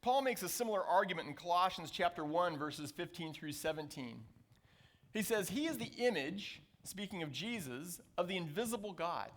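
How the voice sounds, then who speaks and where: A man preaching a sermon as a pastor, reading scripture aloud and slowing down to stress key phrases. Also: sits high, expressive, fairly bright tone. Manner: reads scripture passages aloud.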